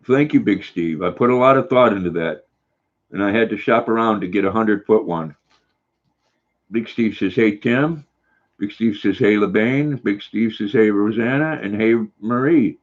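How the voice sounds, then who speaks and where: An older man hosting a casual livestream, slowly reading out viewer comments and cooing fondly at his dog. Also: on the low side. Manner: slow, folksy, reads comments aloud and coos at his dog. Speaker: livestream host. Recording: slightly dull lo-fi sound.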